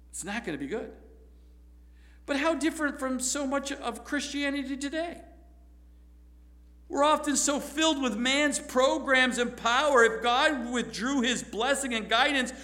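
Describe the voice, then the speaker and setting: A man's voice: very high-pitched, sharp tone. A man preaching a sermon in an emphatic way, repeating phrases for stress. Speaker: pastor.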